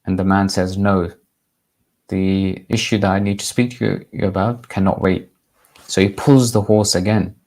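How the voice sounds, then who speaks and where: Man, religious teacher, sermon storytelling, fairly low voice, measured delivery. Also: little pitch movement, a little mellow.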